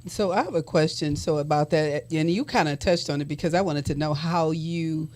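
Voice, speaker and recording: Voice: mid-range voice, normal speed, darkish tone. A co-host asking the guest long, winding questions in a casual way.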